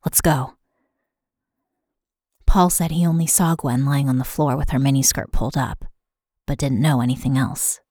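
Low husky woman narrating true crime. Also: a little fast, no room sound, studio quality. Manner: steady, matter-of-fact reading. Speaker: podcast host.

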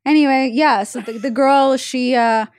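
Young israeli woman hosting, kinda high voice, super frank and rambly, dry close mic. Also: normal speed, clear, resonant tone, no echo. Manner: confessional, rambling, self-mocking, frank. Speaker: podcast host. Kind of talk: candid casual chat.

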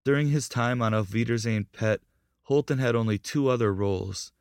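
A man reading a scripted documentary narration in a measured, even way. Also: mid-range voice, clean tone, no echo, studio quality.

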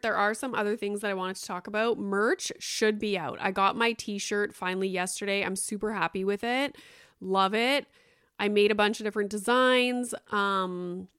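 Chatty woman podcaster with a smooth voice. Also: medium pitch, a bit bright, no room sound, clean studio sound. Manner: rambling, filler-heavy, swears casually. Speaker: podcast host. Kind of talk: casual solo chat.

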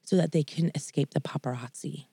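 A woman's voice: low voice, a little fast, dark tone, husky, no echo. A young adult woman co-hosting a podcast, chatting in a gushing, enthusiastic way. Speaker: podcast co-host. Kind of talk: casual chat.

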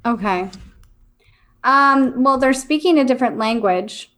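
A woman's voice: sits high, expressive, a little slow, a bit bright. Hesitant woman describing what she senses. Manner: hesitant and musing, full of fillers. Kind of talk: casual chat.

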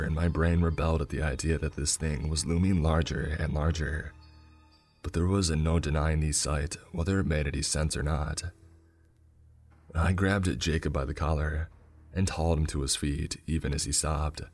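A man narrating a scripted horror story in a measured, grim storytelling manner. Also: extremely low pitch.

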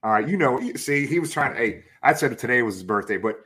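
A man's voice: mid-range voice, animated, quick pace, fairly bright tone. List: man, sports host, hyped, chummy, mid-range voice. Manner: hyped, calls guest brother and man. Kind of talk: casual sports talk.

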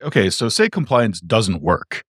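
A man's voice: on the low side, big pitch swings, unhurried, slightly rough, dry recording, clean studio sound. A man hosting an interview, asking curious, conversational questions. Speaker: host.

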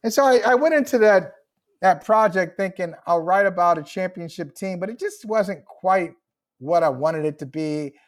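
A man with a fairly high voice appears remotely as an author guest on a podcast interview. He speaks at normal speed and expressively, reflective and openly emotional, laughing now and then.

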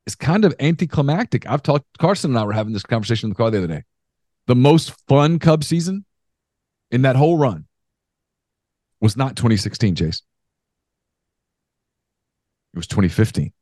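A man co-hosting a sports podcast, telling stories in an animated, emphatic way. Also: mid-range voice, a little fast, long pauses, dry recording, studio quality. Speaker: podcast co-host. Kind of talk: casual sports talk.

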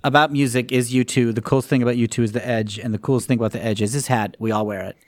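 A man's voice: mid-range voice, fairly even intonation, fast, dry recording, lightly acted. A man playing an earnest male church-band guitarist in an improvised comedy bit, rambling and oddly boastful.

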